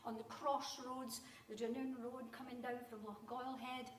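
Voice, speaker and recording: A Scottish woman in her sixties spins a funny childhood tale for a live audience, brisk and conversational. Her fairly high voice echoes through a big hall. The mic sits some way off, so she sounds distant. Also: a little hiss or hum. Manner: lively, conversational, acts out voices. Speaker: storyteller. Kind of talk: live comic storytelling. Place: conference hall.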